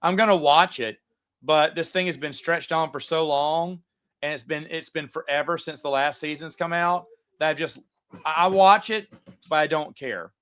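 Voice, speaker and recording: A man's voice: a little high, normal speed, fairly bright tone. A man hosting a casual livestream, answering viewer chats in a rambling way with frequent stammers and restarts.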